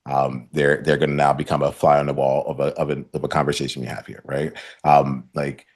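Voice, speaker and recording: Very deep husky male podcast host. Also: level tone, a little fast. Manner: rambling, many fillers and restarts. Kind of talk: conversational coaching session.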